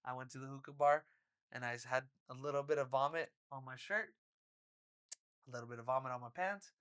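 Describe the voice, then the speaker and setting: Animated, swearing young podcast storyteller. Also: medium pitch, a little fast. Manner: animated, swears a lot, acts out quotes loudly. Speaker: podcast co-host. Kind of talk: casual storytelling chat.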